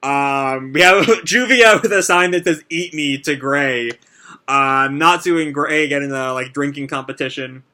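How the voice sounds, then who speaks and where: A man's voice: on the high side, unhurried, bright, forceful tone. A young man hosting a live manga reaction, reading and commenting in a casual, rambling way. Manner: casual, rambling, many fillers.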